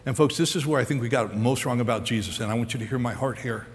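An American man preaching a sermon as pastor, acting out the story's dialogue with lively energy. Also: mid-range voice, fast, big-room sound. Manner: animated preacher, acts out dialogue.

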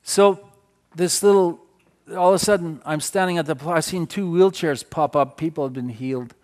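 Preacher, loud then hushed. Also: male voice, fairly high pitch, normal speed. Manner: swings from loud exclamations to hushed storytelling. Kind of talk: sermon storytelling.

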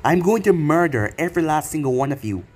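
A man's voice: a little high, lively intonation, fast. A man voicing a young male ninja leader in a storybook reading, earnest and commanding in a plain, lightly raised voice. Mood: menacing.

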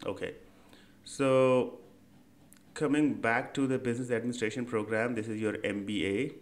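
A man's voice: medium pitch, fairly even intonation, moderate pace. Chatty young man hosting a tutorial. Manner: conversational, with frequent fillers and "right?" check-ins. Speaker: education channel host. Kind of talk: casual screen-share tutorial.

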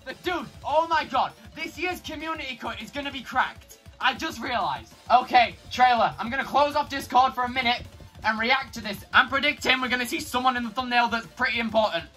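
A young man reacting to a trailer on his channel, excitable, shouting and rattling on like a hyped-up fan. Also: very high voice, soft background music. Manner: excitable, shouts and laughs, rapid fan chatter.

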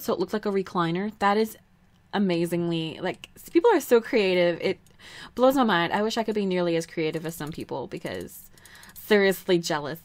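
A woman's voice: medium pitch, dry recording. A young woman hosting a let's play, giving casual gameplay commentary in a chatty, giggly, rambling way with lots of fillers.

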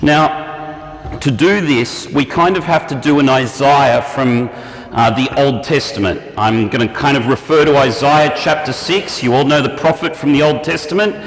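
A man preaching a sermon, animated and acting out prayers and quoted lines in shifting voices. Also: medium pitch, normal speed. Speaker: pastor. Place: church hall. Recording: echoey church hall, long reverb.

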